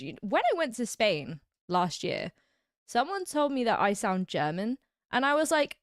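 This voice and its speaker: A woman's voice: a little high, very animated, a little slow, no room sound, studio quality. A woman from England with an English accent, chatting casually on a livestream, rambling and laughing often. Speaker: streamer.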